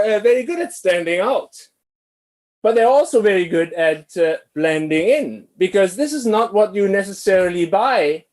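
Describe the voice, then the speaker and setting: Man, higher voice, online lecture, many pauses and fillers, explaining slides. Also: a little mellow. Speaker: business school lecturer.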